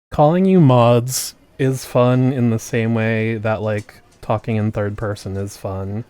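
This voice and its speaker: A man's voice: medium pitch, slow pace, dark tone, no echo. A man livestreaming while painting miniatures, chatting casually and jokingly with viewers, often trailing off mid-sentence, at a desk microphone. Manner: chatty and jokey, trails off and restarts. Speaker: streamer. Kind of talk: casual chat with stream viewers.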